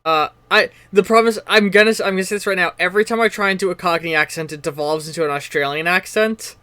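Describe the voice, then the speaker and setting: Joking game master with a dry, close voice. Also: male voice, high-pitched, fairly even intonation, quick pace, sharp tone, clear, resonant tone, no room sound. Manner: loose, joking, rambling. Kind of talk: running a tabletop game.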